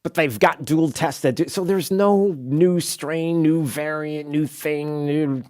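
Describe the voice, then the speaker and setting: A man's voice: fairly high pitch, fairly even intonation, slow, darkish tone. A man hosting a talk radio show, rambling and sarcastic with plenty of asides. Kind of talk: opinionated talk radio monologue. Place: radio studio.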